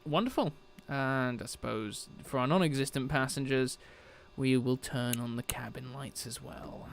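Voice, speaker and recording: A man's voice: medium pitch, normal speed, vocal fry. A man from Britain chatting on a live stream as he shuts down a sim aircraft, laughing often and answering his chat.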